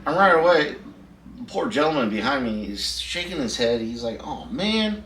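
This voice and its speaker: A man's voice: medium pitch, animated, normal speed, a bit bright, far from the mic, a little hiss or hum. A middle-aged man, hosting a casual storytelling vlog in a laid-back, chatty way and laughing at his own story. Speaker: host. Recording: echoey room, voice a bit off-mic.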